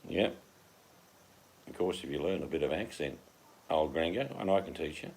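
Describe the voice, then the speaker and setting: A man's voice: low-pitched, brisk, creaky, a little mellow. An Australian man in a casual, rambling monologue, joking and teasing with plenty of slang.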